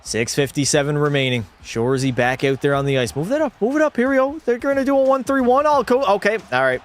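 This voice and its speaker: A young man with a slightly high voice calls every play of a hockey video game in excitable broadcaster style. He swears freely and chats with his viewers as he plays. Faint music plays softly behind him. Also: fast talker. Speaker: gaming streamer.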